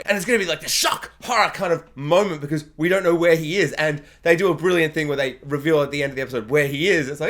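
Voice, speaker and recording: A young man with a high, light voice talks through a TV episode recap. He rambles in a loose, chatty way, full of asides and little impressions of the characters. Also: a bit bright. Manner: chatty, rambling, quick to act out quotes. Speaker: TV review vlogger. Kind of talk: casual spoken recap and review.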